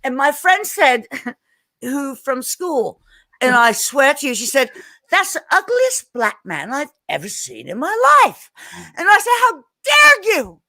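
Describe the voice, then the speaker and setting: A woman singer, a podcast guest, telling an animated story. She is emphatic, swears she is telling the truth and repeats words as she starts her sentences. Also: high-pitched, takes it slowly, no room sound, rough recording.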